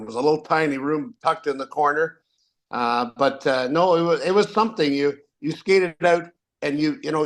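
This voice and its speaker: An older Canadian man, a retired referee, telling rambling anecdotes with many fillers and restarts. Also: mid-range voice. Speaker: guest, retired hockey referee. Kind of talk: casual storytelling.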